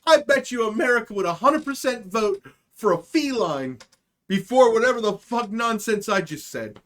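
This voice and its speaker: A man hosting a live stream, ranting in a loud, profane, excitable way and spinning absurd made-up stories for his chat, swinging between shouts and low mutters. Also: normal speed. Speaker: host of a live stream show. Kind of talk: casual comedic live-stream rant.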